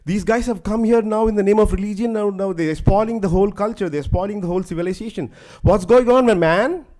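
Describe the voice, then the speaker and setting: A man's voice: high-pitched, lively intonation, moderate pace. A man voicing a young woman from a classical poem, pleading and scolding in a spirited, defiant way. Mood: lamenting.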